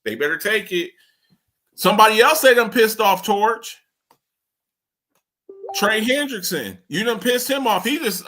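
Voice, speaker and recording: A bright, high-pitched man hosting a sports talk show. He rants with excitable energy, and his pitch and volume jump around as he makes his points. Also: unhurried, long pauses. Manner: loud, excitable, swings high and low in pitch, slips into mock voices. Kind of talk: animated sports talk rant.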